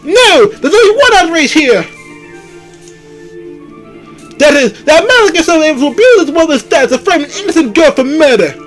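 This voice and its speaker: A man's voice: extremely high pitch, big pitch swings, moderate pace, fairly bright tone, soft background music, pitched above the performer's own voice, exaggerated voice, low-quality recording. A man voicing a confident bird defense attorney in a courtroom game, laying out an accusation theatrically. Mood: accusing.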